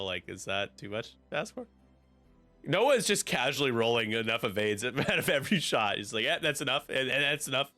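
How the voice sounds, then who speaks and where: A man commentating a tabletop miniatures game in casual chat, given to loud excited outbursts and frequent laughter. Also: medium pitch.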